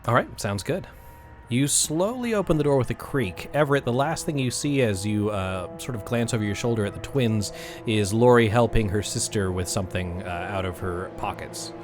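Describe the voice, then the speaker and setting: A man's voice: lowish voice, normal speed. Casting note: male game master, playful and teasing, narrating a tabletop game, faint music underneath.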